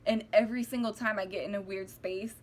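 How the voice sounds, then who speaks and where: A woman's voice: medium pitch, fairly even intonation, a little fast. A young woman speaking heartfelt and rambling to her viewers, close to tears, with many restarts and fillers. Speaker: spiritual vlogger. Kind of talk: casual heartfelt monologue to camera.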